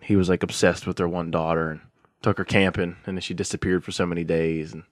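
A man's voice: deep voice, quick pace, no echo, clean studio sound. A man hosting a podcast in casual chat, retelling a story with lots of swearing and laughter. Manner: animated storyteller, swears freely, breaks into laughter. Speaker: podcast host.

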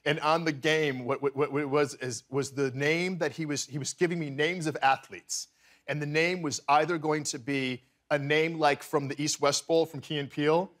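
A man in his fifties, a talk show guest, chatting in an animated way with stammers and quick laughs. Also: a little high. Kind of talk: casual chat. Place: TV studio.

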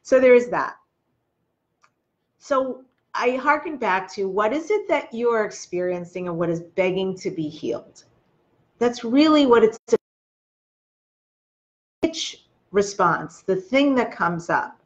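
A woman's voice: medium pitch, animated, slow, long pauses, dull audio. Earnest woman coaching through feelings. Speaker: host. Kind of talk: spiritual self-help talk to camera. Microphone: webcam or phone video.

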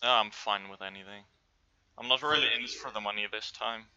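A young man cracking jokes in relaxed gaming banter, his voice sharp and very bright. He sits a little low and comes through a dull, lo-fi voice-chat line. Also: fairly quick. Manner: joking, laughing, wisecracks. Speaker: gamer.

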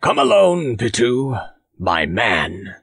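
A male audiobook reader voicing a blustering, hearty farmer who lectures with loud emphasis. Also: mid-range voice, wildly swooping pitch, slow pace, vocal fry, slightly rough, no room sound, clean studio sound, heavily acted. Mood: emphatic.

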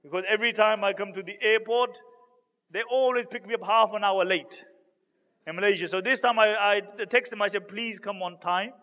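A man's voice: high-pitched, fairly even intonation, a little fast, pushed and bright. A man preaching a storytelling sermon to a live audience, acting out the words of the people in his stories. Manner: dramatic storyteller acting out quoted speakers. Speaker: Islamic preacher. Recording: long hall reverb.

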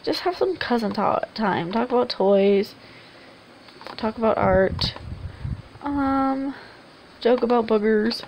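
A woman with a high voice and a noticeable gravelly fry chats through her gameplay in a loose, rambling way, urging the characters on as she goes. Faint hiss sits under her desk-mic recording. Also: animated, takes it slowly, pauses often, lo-fi sound. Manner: chatty, rambling, coaxing game characters aloud. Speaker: gameplay video host. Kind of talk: casual let's-play commentary.

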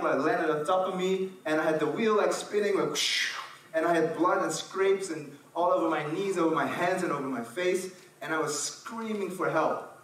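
A man from the Netherlands, telling a lively personal story to an audience and acting out the scenes. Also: fairly high pitch, a little hiss or hum. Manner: animated, acts out scenes, fillers and restarts. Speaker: speaker. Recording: echoey hall from far off, faint ambience.

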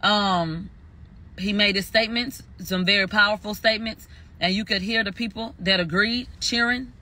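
A man's voice: high voice, fairly even intonation, moderate pace, bright, forceful tone. A man giving a heated spoken recap, emphatic and profane, repeating phrases for stress. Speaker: commentator recounting a court verdict.

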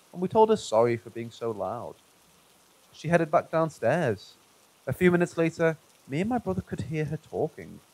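Man calmly narrating ghost stories. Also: fairly high pitch, poor audio. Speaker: narrator reading viewer stories. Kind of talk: scripted narration.

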